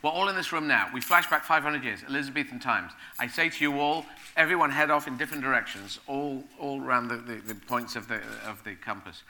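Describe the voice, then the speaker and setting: Man, very bright tone, animated rambling guest at a live event. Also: mid-range voice, brisk, hardly any pauses. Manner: rambling, animated, laughing as he talks. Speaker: guest speaker. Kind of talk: onstage conversation at a live event.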